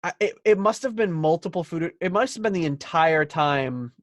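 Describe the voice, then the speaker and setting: A man's voice: a little high, expressive, moderate pace, no room sound, clean studio sound. A man co-hosting a podcast in casual chat, joking around and reading out listener posts. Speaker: podcast co-host.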